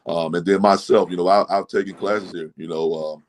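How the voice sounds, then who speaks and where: A man from Mississippi, a football coach, talking plainly and relaxed as a podcast guest, with a country-boy manner and many fillers. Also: low-pitched, a little fast. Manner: plainspoken country talk, relaxed, lots of "man" and "you know". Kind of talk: casual podcast interview.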